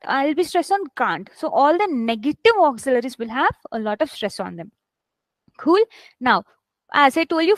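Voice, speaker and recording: A woman with a high voice teaches a live online English class. She speaks close to the mic in a dry, dead-sounding space, leaning hard on key words as she demonstrates them. She checks in with her students often. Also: dry recording. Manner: explains with examples, often checks with "right?"; stresses words heavily to demonstrate. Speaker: English test instructor.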